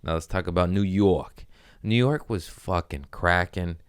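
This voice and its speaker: A man's voice: low-pitched, unhurried, clean tone, no room sound. A man hosting a comedy podcast, telling stories in a laid-back, slangy, profane way close to the mic. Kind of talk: casual storytelling chat.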